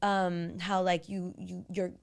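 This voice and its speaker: A woman's voice: lowish voice, little pitch movement, slow pace, vocal fry. A woman in her thirties co-hosts a casual podcast. She talks freely, piles up fillers, and slips into quoting herself mid-story. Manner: chatty, quotes herself, frequent "like". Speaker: podcast co-host. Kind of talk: casual chat.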